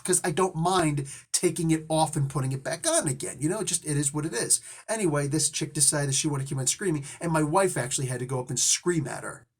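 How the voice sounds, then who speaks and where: Husky guy ranting through a story, rambly and worked up. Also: fairly high pitch. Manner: rambling, indignant. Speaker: host. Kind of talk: casual storytelling.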